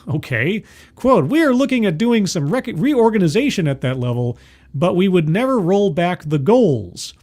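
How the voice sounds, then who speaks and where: A man reading news articles aloud and breaking in with sarcastic, incredulous commentary, recorded indoors. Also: a little high. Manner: sarcastic, incredulous asides between quoted passages. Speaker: commentary host. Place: indoors, with trucks passing outside.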